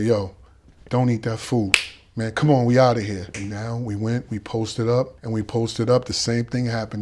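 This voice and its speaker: A middle-aged man with a Boston accent tells his story as a podcast guest. He is animated and acts out the other people in his tale. His voice sits in an ordinary mid range for a man. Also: mid-range voice. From Boston, Dorchester. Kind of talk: storytelling interview.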